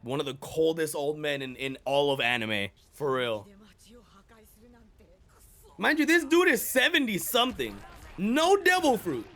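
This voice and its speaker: A high, bright male voice that swings wildly between muttered asides and excited shouting. He reacts to an anime with loud, slangy hype, his pitch leaping up whenever he gets worked up. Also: measured pace, long pauses.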